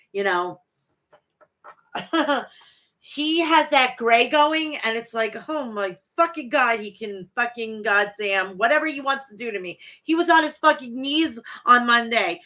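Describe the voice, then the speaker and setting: The host of this casual wrestling show is a woman in her forties whose voice runs on the high side, bright and forceful. She chats with her live audience, reading their messages, rambling and gushing with plenty of profanity.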